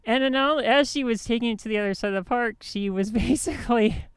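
A woman's voice: fairly high pitch, a little fast, clean tone, no room sound. A woman hosting a show, telling a story in a casual monologue with indignant emphasis and many restarts. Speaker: host.

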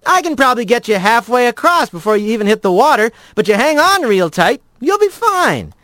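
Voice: mid-range voice, very animated, a bit bright, no room sound, voice pushed up. A storyteller voicing a blunt, practical male rat who is impatient and cocky in a radio story reading. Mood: brisk. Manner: blunt, quick and offhand. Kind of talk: audio drama reading.

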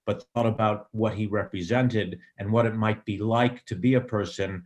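A middle-aged man, a screenwriter, giving reflective interview answers in a thoughtful, digressive way with many pauses and ums. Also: fairly low pitch, fairly even intonation, a little mellow. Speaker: screenwriter and director.

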